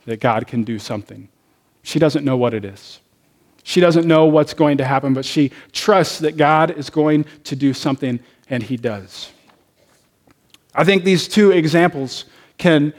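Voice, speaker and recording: A man's voice: a little high, darkish tone. A man, a pastor, preaching a sermon and telling personal stories in a conversational way. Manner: conversational storytelling, personal anecdotes.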